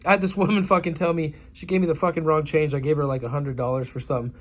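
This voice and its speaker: A man's voice: a little high, fairly even intonation, fast talker, highs cut off. Profane, scornful man in his forties. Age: 40s. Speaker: YouTuber. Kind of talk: ranting vlog monologue.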